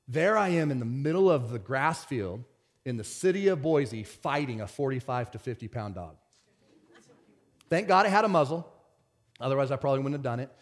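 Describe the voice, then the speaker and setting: A man's voice: on the high side, moderate pace, long pauses. Storytelling man preaching a sermon. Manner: conversational storytelling, animated, many restarts. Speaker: pastor.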